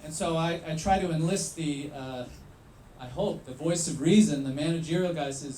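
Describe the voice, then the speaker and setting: A man telling a true story live, in an animated, wry way with pauses for effect. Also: fairly high pitch, echoey room, slight background noise.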